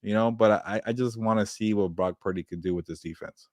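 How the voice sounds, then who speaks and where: A man's voice: fairly low pitch, fairly quick, darkish tone, dry recording, clean studio sound. A man co-hosting a casual sports podcast, laid-back and hesitant, often trailing into "you know.". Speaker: podcast co-host.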